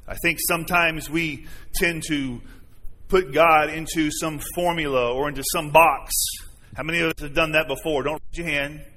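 A man's voice: on the high side, fairly even intonation, normal speed, pushed and bright. A man preaching a sermon to his congregation, earnest and conversational, often asking them questions. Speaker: pastor. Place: church sanctuary. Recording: long hall reverb.

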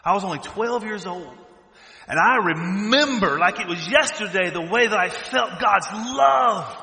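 Bright-voiced Southern preacher in an echoey hall. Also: male voice, sits high, normal speed. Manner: animated, swings from loud to hushed. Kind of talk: sermon.

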